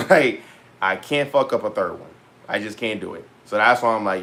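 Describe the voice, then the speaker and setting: A man's voice: fairly low pitch, a bit bright. Loose, rambling man vlogging. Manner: loose, rambling, slangy, many pauses. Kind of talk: casual talk to camera.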